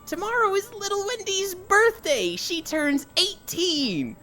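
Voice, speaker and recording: A woman voicing a smug, theatrical male villain, speaking high and drawn-out in a gloating way. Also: expressive, sharp tone, faint music behind, exaggerated voice.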